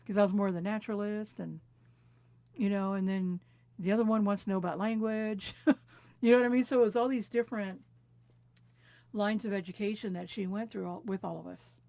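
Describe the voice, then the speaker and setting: A woman in her fifties from California telling family memories in a reflective, unhurried way, laughing softly at times. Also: mid-range voice, no room sound. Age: 50s. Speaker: interviewee. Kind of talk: personal storytelling conversation. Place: quiet recording booth.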